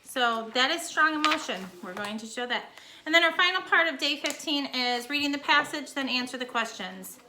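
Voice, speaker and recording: A woman's voice: sits high, lively intonation, normal speed, background noise. A young woman teacher recording a casual home lesson for her students, explaining each step in a chatty way.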